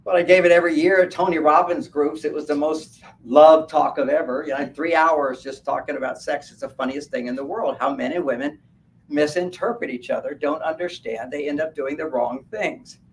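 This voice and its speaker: A man giving a live talk at a fair, animated and laughing at his own points as he acts out little quotes. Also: on the high side, brisk. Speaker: speaker at a wellness fair. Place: event room at a hotel fair. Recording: distant mic with faint background noise.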